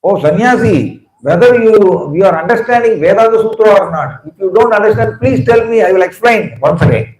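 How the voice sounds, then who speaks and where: A man's voice: sits high, lively intonation, a little fast, darkish tone, distant mic, voice pushed up. A man voicing a proud old scholar. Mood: pleading. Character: proud elderly male scholar, indignant. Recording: echoey hall.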